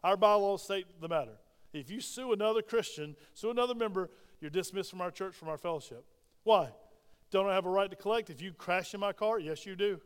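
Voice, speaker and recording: A man's voice: high voice, fairly quick, smooth, big-room sound. A man with a Southern American accent preaching a sermon in a church, emphatic and drawing call-and-response from the congregation. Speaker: pastor. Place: church sanctuary.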